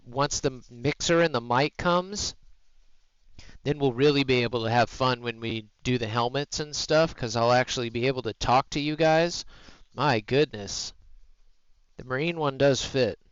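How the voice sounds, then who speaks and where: A man's voice: medium pitch, clean tone, dry recording, dull audio. A man streaming live from home, chatting in an easygoing, rambling way into a headset mic. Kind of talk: casual live-stream chat.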